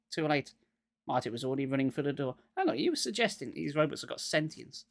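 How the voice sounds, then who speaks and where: A man's voice: on the high side, sing-song, fast, gravelly, dry recording, clean studio sound. A man getting over a cold, giving a live reading of a children's horror book and breaking off with sarcastic asides. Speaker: reader.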